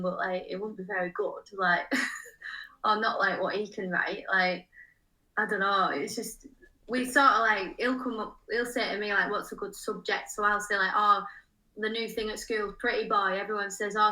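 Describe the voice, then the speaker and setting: A young woman, a musician appearing as a guest, chats casually in a medium-pitched, steady voice with a sharp edge and a moderate pace. She's giggly, packs in fillers and says "like" constantly, and she sounds a little distant from the mic.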